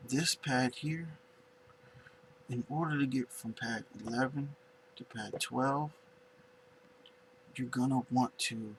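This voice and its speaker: A man teaching finger drumming in a casual tutorial, unhurried and searching for words as he demonstrates on pads. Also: medium pitch, a little hiss or hum, low-quality recording.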